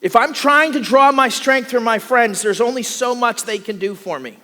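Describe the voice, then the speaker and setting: A man preaches a sermon, his voice high-pitched and bright as he gets animated and slips into the voices of the people he describes. His words ring out into a long hall reverb. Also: moderate pace. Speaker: pastor. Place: church sanctuary.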